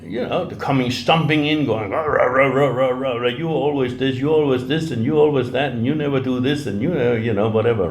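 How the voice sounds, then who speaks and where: A man's voice: lowish voice, darkish tone, a little hiss or hum. A middle-aged man giving life-coaching advice in a rambling, casual way, restarting his sentences and adding "right?" to them. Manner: rambling, with frequent restarts and tag questions. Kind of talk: casual spoken advice talk. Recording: roomy echo.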